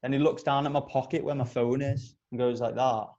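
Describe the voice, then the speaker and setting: A man co-hosting a podcast, telling a long anecdote in casual chat, full of swearing and lively detail. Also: medium pitch, brisk, muffled recording. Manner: animated, profane anecdote telling. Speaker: podcast co-host.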